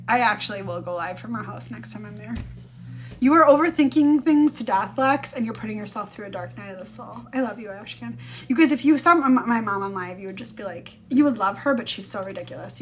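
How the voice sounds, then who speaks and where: A woman's voice: medium pitch, animated, fast, soft background music. A woman in her thirties chatting casually on a live stream, telling stories with quoted voices and some swearing. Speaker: livestream host.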